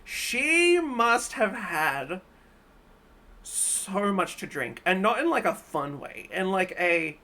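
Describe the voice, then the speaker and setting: A woman streamer giving casual reaction commentary in an animated way, laughing often and ranting in exasperation. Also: mid-range voice, takes it slowly.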